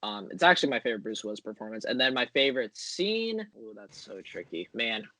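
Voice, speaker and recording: A man's voice: mid-range voice, big pitch swings, fairly quick, bright, forceful tone, no room sound. A man talking as a podcast guest in casual chat, enthusiastic and rambling with many fillers.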